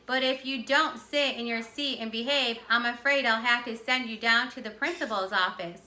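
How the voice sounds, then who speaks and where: A woman's voice: on the high side, normal speed, roomy sound, a little hiss or hum. A woman reading a storybook aloud and voicing a strict schoolteacher who speaks firmly and dryly. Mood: stern, dry. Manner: firm and deadpan.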